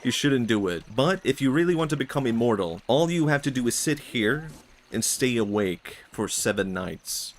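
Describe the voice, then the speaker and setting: A man's voice: mid-range voice, expressive, moderate pace, slight background noise, lightly acted. A man playing a chiding wise sage. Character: wise sage warning a king.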